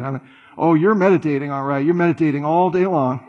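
A man preaching a sermon in a conversational, animated way, full of rhetorical questions and playful asides. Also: fairly high pitch, fairly quick, highs cut off. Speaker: pastor.

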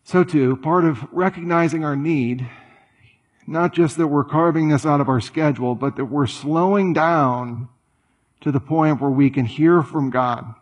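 A man preaching a sermon in a conversational, animated way, full of rhetorical questions and playful asides. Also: on the high side, a little slow, husky. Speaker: pastor.

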